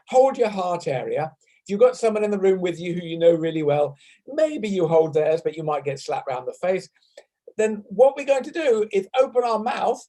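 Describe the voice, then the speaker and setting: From a room at home, a playful Englishman teaches a laughter yoga class over a video call, poking fun at himself as he goes. His voice is fairly high for a man, and he loudly demonstrates each laugh sound for his students.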